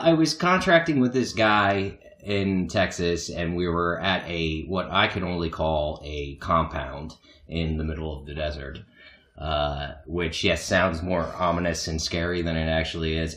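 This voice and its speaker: A man's voice: low voice, fairly bright tone. Laughing rambling storyteller man, echoey room. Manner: rambling, self-mocking storyteller who laughs often. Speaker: podcast co-host. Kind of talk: casual storytelling on a podcast.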